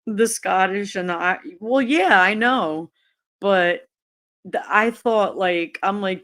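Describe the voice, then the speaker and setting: A woman's voice: medium pitch, a little slow, a bit bright. A woman live-streaming, talking casually to her chat, laughing often and swearing freely. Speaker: livestreamer.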